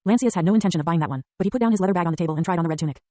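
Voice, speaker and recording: A woman narrating an audiobook in a brisk, even reading style. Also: on the low side, no room sound. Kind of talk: scripted narration.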